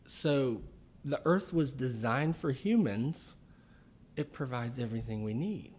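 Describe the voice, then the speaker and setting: A man who works as a chiropractor and author, talking through ideas in a casual podcast conversation, slow and deliberate, with pauses and fillers. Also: medium pitch, animated, darkish tone.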